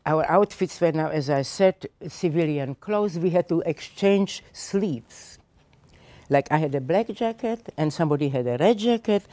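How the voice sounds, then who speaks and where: With a low, dark, expressive voice at a moderate pace, an eighty-something Holocaust survivor shares her testimony in a seminar room. She speaks to teachers, emphatic and emotional as she tells her story.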